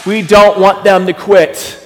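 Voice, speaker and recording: Male pastor, fervent sermon delivery with repeated questions, higher voice, echoing church hall. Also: little pitch movement, a little slow. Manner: impassioned, repeats rhetorical questions. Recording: reverberant hall.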